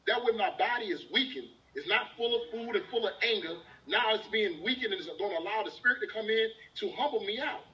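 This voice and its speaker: A man with a high, bright voice preaches a sermon, asking the congregation questions and quoting scripture back to them. He sounds set back from the microphone in a dull, lo-fi service recording. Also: expressive, fairly quick, hardly any pauses, recorded from a distance. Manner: preaching with scripture quotes and call-and-response questions. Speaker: minister.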